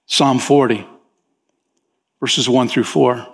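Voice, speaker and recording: A man preaching as a pastor, talking with the congregation in an easygoing way and often saying "man", and his pitch rises sharply when he voices desperate pleas. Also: unhurried. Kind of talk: sermon. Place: church sanctuary. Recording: long hall reverb in a church.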